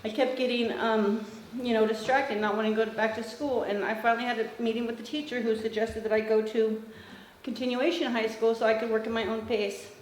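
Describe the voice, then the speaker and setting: A woman's voice: fairly high pitch, level tone, a little fast, few pauses. A middle-aged woman from Northern California gives a conversational tribute at a memorial, with frequent fillers and restarts. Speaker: former student giving a eulogy. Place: memorial gathering in a roomy hall. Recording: roomy echo with faint ambient noise.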